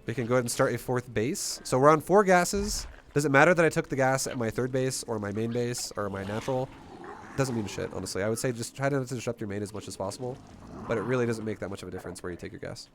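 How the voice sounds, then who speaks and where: A man giving casual, energetic commentary while he plays and teaches a strategy game, talking bluntly and swearing now and then. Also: mid-range voice, fast, noisy background. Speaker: gameplay coach.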